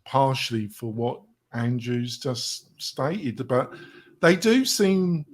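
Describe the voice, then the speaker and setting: A man's voice: medium pitch, expressive, takes it slowly. A man hosting a round-table show who rambles through his points and jokes with the panel. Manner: rambling, jokey, laughs between points. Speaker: show host.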